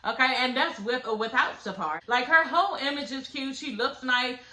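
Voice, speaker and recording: A woman's voice: sits high, a little fast, pushed and bright, roomy sound, slight background noise. A woman recapping a reality show in casual, blunt, profane chat, laughing as she talks.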